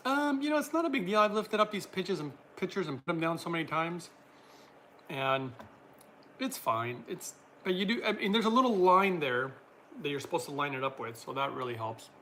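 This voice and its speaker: A man hosts a relaxed livestream, reading viewer comments aloud and answering each one. His voice sits a little high and rings very bright and forward, with a faint hiss of room noise under it. He keeps the talk loose and friendly, with frequent laughter. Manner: chatty, reads out viewer comments and laughs often. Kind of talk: casual livestream chat.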